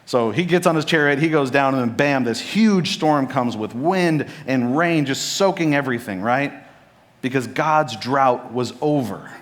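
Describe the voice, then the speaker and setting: A man preaching a sermon as pastor, telling a Bible story with lively acted-out lines. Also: mid-range voice, measured pace. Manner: animated storytelling, acting out Bible characters' lines. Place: church sanctuary.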